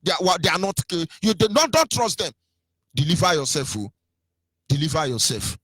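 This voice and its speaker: A man's voice: fairly high pitch, big pitch swings, brisk, a bit bright, husky, dry recording. A Nigerian man with a Nigerian accent giving an impassioned political radio talk, mocking and sing-song, his voice swinging between rises and drops. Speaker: radio commentator.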